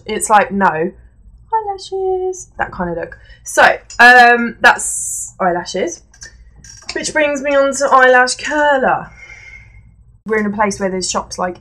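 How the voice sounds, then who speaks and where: A woman's voice: medium pitch, moderate pace, pushed and bright. Young woman, beauty vlogger, rambling chat with lots of ums, recorded at home. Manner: chatty, rambling, many fillers and self-corrections. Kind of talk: casual product review chat. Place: indoors at home, seated on a creaky chair.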